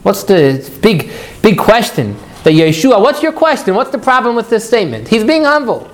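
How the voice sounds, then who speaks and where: A man teaching a live class, animated and jokey, putting questions to his students. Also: very high voice, a little fast.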